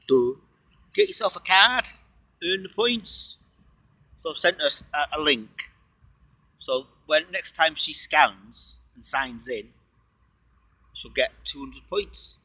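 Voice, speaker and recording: Casual male livestream host, bright and a touch husky, chatty rambler fond of wordplay. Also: medium pitch, no echo, poor audio. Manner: talks while eating.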